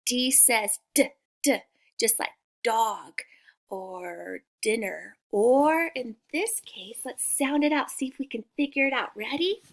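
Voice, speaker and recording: High-voiced teacher sounding out letters slowly. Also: female voice, gravelly. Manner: slow, exaggerated sounding out of letters, encouraging. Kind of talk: phonics lesson for young children.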